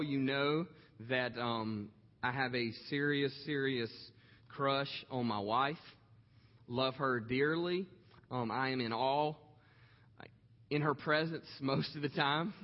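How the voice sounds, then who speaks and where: Man preaching in an echoey hall. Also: mid-range voice. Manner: slow, heartfelt, many "um" pauses. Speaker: pastor. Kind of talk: sermon storytelling. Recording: echoey hall, dull lo-fi sound.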